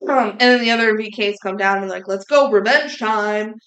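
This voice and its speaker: A woman co-hosting a podcast, chatting casually and acting out bits of dialogue as she recaps a movie. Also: medium pitch. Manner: animated, acts out character lines in quick impressions. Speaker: podcast co-host.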